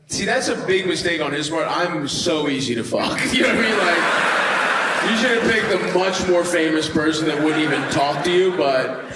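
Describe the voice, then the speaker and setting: A man on stage doing crowd work, ribbing the audience with foul-mouthed jokes and chuckling as he talks. His voice sits a little high for a man. It rings through an echoey club over a loud crowd murmur. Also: normal speed, noisy background. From United States. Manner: profane, teasing, laughs through his lines. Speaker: stand-up comedian. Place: music venue stage before a live audience.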